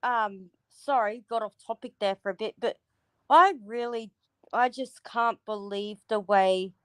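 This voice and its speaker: Slow-talking Australian woman on a livestream. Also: mid-range voice, a bit bright, clear, resonant tone, dry recording, low-quality recording. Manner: frank, rambling, swears freely. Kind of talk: casual livestream chat.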